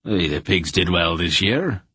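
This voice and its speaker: A man's voice: sits low, expressive, measured pace, husky, dry recording, full character voice. A man voicing a stubborn, pious farmer who speaks firmly and courteously. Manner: firm, quiet, courteous.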